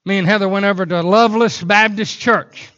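A man preaching a sermon in a church, telling animated stories broken up by sudden whoops. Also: high voice, brisk, lo-fi sound. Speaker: pastor. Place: church sanctuary.

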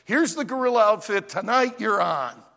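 A man's voice: high voice, expressive, normal speed, gravelly, fairly bright tone, exaggerated voice. A man voicing a blunt male circus manager, curt and matter-of-fact, with long hall reverb. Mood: businesslike. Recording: long reverb of a large auditorium.

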